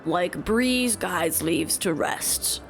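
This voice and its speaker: A woman voicing a grateful male bird-folk village elder in a deep, slow, stately way, speaking in broken phrases. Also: animated, creaky, heavily acted. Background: game music.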